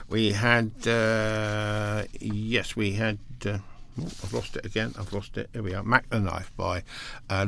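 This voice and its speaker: A man's voice: on the low side, gravelly, bright, forceful tone, slight background noise. A man presenting a casual music show, hesitant and rambling, losing his place in his notes and reading facts out between asides. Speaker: radio presenter.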